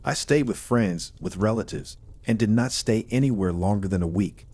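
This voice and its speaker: A man reading a first-person horror story in a steady, measured storytelling manner. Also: on the low side, slightly rough.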